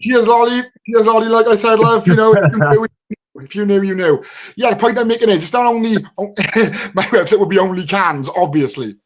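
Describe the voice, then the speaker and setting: A man with a Welsh accent co-hosting a podcast, jokey and quick to laugh in casual chat. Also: high-pitched. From Wales. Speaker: podcast co-host.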